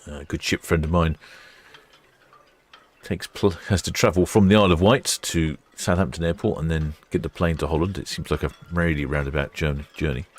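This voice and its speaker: A man's voice: very deep voice, steady tone, brisk, slight background noise. A man hosting a live stream, chatting casually, reading out viewer comments and poking fun at himself. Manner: chatty, self-mocking, thinks aloud.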